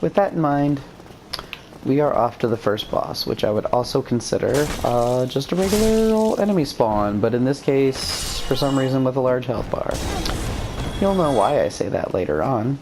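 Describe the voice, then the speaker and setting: A woman with a very deep voice giving rambling, self-deprecating let's-play commentary as she plays. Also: lively intonation, normal speed, noisy background. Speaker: game streamer.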